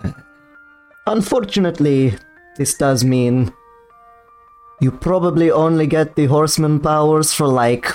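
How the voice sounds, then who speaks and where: A game master voicing an offhand ancient immortal. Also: male voice, on the high side, a little slow, long pauses, darkish tone, soft background music, pitched above the performer's own voice, lightly acted. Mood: grand. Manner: solemn speech that slides into casual asides. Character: ancient once-imprisoned immortal being, grand but offhand.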